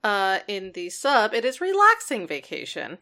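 A woman co-hosting a casual podcast recap. Her tone is bright and clear at a middle pitch. She drops in wry, dry remarks. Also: wildly swooping pitch, moderate pace. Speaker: podcast co-host.

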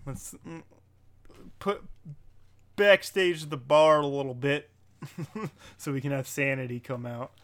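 A man co-hosting a casual wrestling podcast, laid-back and halting, often chuckling. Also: medium pitch, fairly even intonation, a bit bright. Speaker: podcast co-host.

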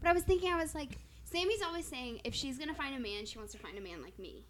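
A young woman co-hosting a podcast, telling stories excitably with laughs and swearing. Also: high voice, quick pace, a crowd in the background. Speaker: podcast co-host. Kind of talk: casual chat.

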